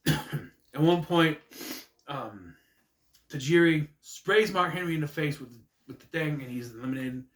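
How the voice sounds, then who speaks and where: A man's voice: on the high side, expressive, measured pace, pauses often, a bit bright. A man rambling through a casual, jokey recap monologue with asides. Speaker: wrestling recap vlogger. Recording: echoey room.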